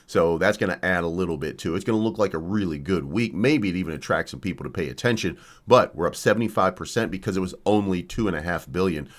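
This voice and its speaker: A man's voice: sits low, quick pace, hardly any pauses. A man hosting a crypto channel, lecturing viewers in a combative, repetitive rant. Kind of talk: casual ranting commentary.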